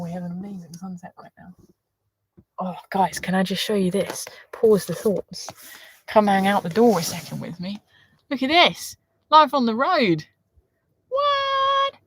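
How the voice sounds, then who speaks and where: A woman's voice: mid-range voice, normal speed, slightly rough, no room sound. Chatty British woman, live from a van. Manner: chatty, rambling, laughs often. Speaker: host. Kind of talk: casual live Q&A. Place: camper van on the road.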